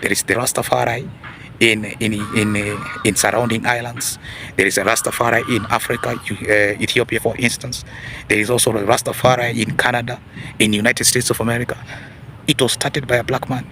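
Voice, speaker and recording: A man's voice: medium pitch, little pitch movement, brisk. Preachy man with a noisy background. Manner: preachy, repeats "ladies and gentlemen" and rhetorical "huh?". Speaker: video host. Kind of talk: opinion monologue to camera.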